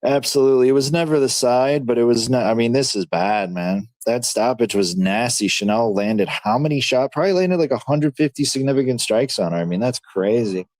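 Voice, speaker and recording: Excitable man reacting to fights live. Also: medium pitch, brisk, few pauses, no room sound. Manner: excitable, slangy, talks to chat as dude and bro. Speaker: livestream host.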